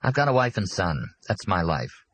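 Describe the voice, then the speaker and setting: A man reading an audiobook, voicing a guarded young repairman who speaks calmly and plainly. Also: low-pitched, normal speed, breathy edge, full character voice. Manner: calm, plain and level. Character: calm, guarded male repairman, young adult. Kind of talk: audiobook character voice.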